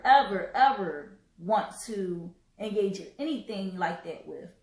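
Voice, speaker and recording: A woman hosting a live stream, talking earnestly with halting restarts and repeated words, choked up and coughing now and then. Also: mid-range voice, reverberant, rough recording. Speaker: host.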